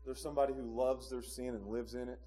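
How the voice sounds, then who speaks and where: A man, preaching a sermon in a church, moving between quiet low passages and loud emphatic peaks with chuckles. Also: little pitch movement, fast. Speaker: pastor. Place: church sanctuary.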